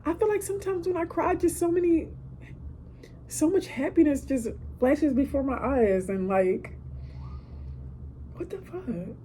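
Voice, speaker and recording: Woman, 30s, mellow, casual gratitude monologue from a hotel room. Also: high-pitched, normal speed, a little hiss or hum. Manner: emotional, preachy, asides like "listen" and "okay". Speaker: podcaster.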